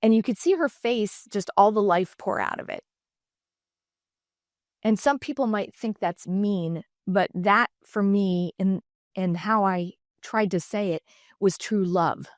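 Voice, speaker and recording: A woman's voice: mid-range voice, unhurried, dry recording, clean studio sound. A middle-aged woman, a guest on a podcast, telling personal stories candidly and animatedly, slipping into other voices when she quotes people. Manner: animated, acts out quoted dialogue in shifting voices. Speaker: podcast guest, designer and entrepreneur. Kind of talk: candid conversational storytelling.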